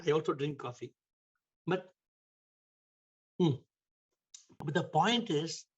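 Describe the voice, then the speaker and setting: A man's voice: a little high, slightly rough. A man giving a spiritual talk over a video call, telling a story with emphatic repetition, in dull lo-fi call audio. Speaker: spiritual teacher.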